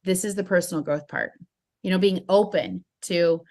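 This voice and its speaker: A woman giving an upbeat, animated network-marketing training talk, speaking with a smile in her voice. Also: lowish voice, moderate pace. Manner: upbeat, animated, smiling delivery. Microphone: phone.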